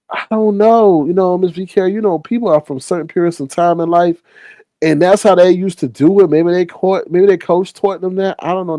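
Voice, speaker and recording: Recorded with no echo, the streamer has a warm voice sitting a little high. He's telling viewers a story in a loose, exasperated rant, repeating points, cursing heavily and voicing other people's lines.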